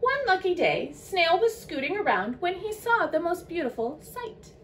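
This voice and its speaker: A woman teacher reading a children's picture book aloud to young listeners, in an expressive storytelling manner. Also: very high voice, normal speed, slight background noise.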